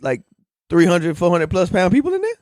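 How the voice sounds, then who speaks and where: A man's voice: high voice, wildly swooping pitch, brisk, darkish tone, no room sound, studio quality. A man co-hosting a casual podcast, cracking jokes and cutting in with crude asides. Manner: wisecracking, interjecting, profane. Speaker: podcast co-host.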